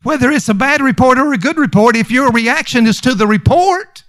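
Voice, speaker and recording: A man's voice: very high voice, expressive, brisk, a bit bright, no echo. A man preaching a sermon as pastor, emphatic and conversational, repeating lines for stress. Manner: conversational with fillers and restarts.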